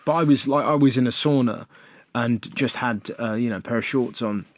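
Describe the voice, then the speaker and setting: A man hosting a casual chat, relaxed and chatty with lots of agreeing interjections. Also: medium pitch, brisk. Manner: relaxed, chatty, frequent backchannel. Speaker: host.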